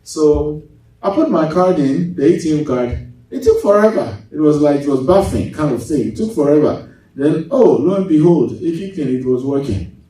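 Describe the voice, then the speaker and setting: Male pastor preaching, kinda high mellow voice, lots of echo from far off in a church. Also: normal speed. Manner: lively, swings from loud to hushed, laughs while telling stories. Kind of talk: sermon. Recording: echoey church hall, mic at a distance.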